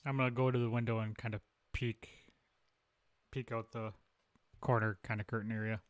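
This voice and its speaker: A man's voice: mid-range voice, little pitch movement, normal speed, no echo. A man playing a tabletop game, talking through plans in a loose, chatty way. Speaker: player. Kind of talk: casual tabletop play.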